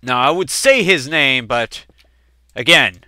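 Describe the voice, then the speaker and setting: A man of twenty doing casual let's-play gameplay commentary, chatting and telling family stories in which he acts out quoted relatives with sudden jumps in pitch. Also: lively intonation, takes it slowly, sharp tone, no room sound. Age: 20s.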